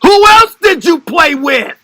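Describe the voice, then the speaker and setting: A man delivering an impassioned, sarcastic sports commentary rant, swinging between shouted outbursts and hushed mockery. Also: very high-pitched, expressive, a little slow, dry recording. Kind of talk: televised sports debate rant.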